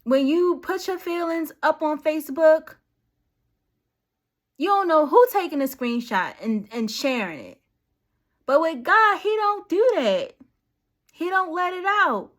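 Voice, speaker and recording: A woman giving casual, slangy encouragement straight to her viewers, talking directly like a friend with a message. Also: high-pitched. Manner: conversational, slangy, direct and preachy. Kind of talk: casual motivational talk to camera.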